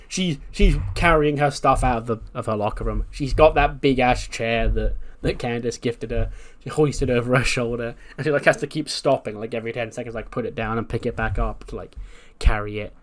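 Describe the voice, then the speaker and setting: Male game commentator, casual chatty recap, lots of fillers. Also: mid-range voice. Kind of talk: casual narration of a wrestling sim run.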